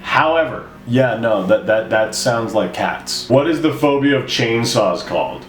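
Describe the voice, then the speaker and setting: A man's voice: mid-range voice, lively intonation, unhurried, echoey room. A man reading out silly questions and reacting with incredulous, sarcastic rants. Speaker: comedy commentator.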